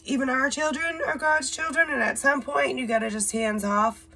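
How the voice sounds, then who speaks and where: A woman's voice: high voice, steady tone, moderate pace, sharp tone, breathy edge. A woman doing a casual tarot reading, reading card words aloud in short bursts, blunt and swearing now and then. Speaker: tarot reader.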